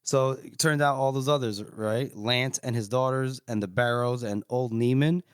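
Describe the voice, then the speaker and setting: A man's voice: medium pitch, fairly even intonation, moderate pace, clear, resonant tone, no room sound, clean studio sound. A man casually retelling a story on a podcast in a loose, rambling way, with crude swearing. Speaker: podcast co-host recapping chapters.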